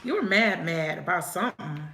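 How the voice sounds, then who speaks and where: A woman's voice: fairly low pitch, animated, moderate pace, gravelly, echoey room, background noise. A woman reading tarot cards in a casual live chat, swearing now and then and laughing often as she talks to viewers. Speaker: tarot reader.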